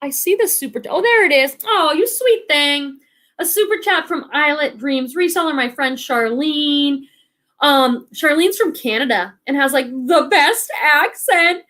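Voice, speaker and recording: An online reseller hosts a casual live stream, chatting and reading viewer comments in a bubbly, chatty way full of "like," "um," and frequent laughter. She has a high-pitched, sharp voice with lively intonation and a measured pace.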